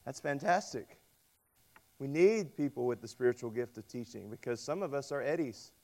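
A man preaching a sermon, telling stories and acting out quoted voices with lively emphasis. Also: mid-range voice, normal speed. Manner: storytelling with dramatic voiced quotes; animated, rising loud on emphasis. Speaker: pastor.

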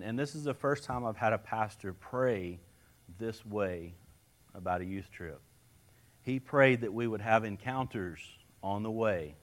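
A man preaching a sermon, telling folksy personal stories with an earnest manner and frequent restarts. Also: on the low side. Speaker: lay preacher.

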